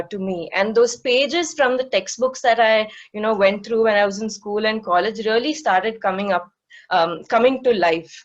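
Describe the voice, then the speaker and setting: A woman's voice: medium pitch, dull audio. Woman giving an online science talk. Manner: explanatory, many fillers. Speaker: guest speaker, marine educator.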